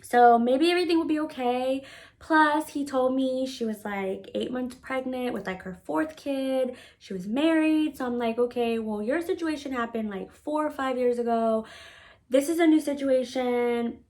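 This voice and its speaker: A woman's voice: sits high, normal speed. Blunt, profane woman telling a story. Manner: blunt and profane, with lots of filler words; animated retelling, often acting out her own past words. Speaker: storytime vlogger. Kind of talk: casual storytime monologue.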